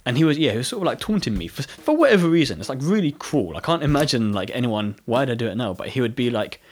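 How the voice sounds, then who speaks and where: British man, middle pitch, chatty storyteller who rambles and laughs along. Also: very animated, fast talker. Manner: rambling, filler-heavy storytelling with frequent laughs. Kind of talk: casual chat.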